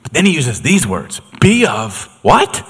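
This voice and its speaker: A pastor preaches a sermon in a large hall, speaking in a husky, medium-pitched voice at a measured pace. He tells stories animatedly, acts out quotes and jokes along the way.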